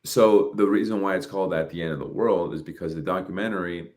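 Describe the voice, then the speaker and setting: A man in his late thirties co-hosting a podcast, talking casually in animated bursts and swearing freely. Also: low-pitched, fast talker. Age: 30s. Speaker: podcast co-host. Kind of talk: casual chat.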